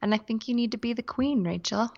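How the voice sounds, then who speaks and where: A woman's voice: fairly high pitch, fast talker, creaky. Woman co-host on a dull lo-fi recording. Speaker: podcast co-host, classical singer. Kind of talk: casual chat. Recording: dull, lo-fi sound.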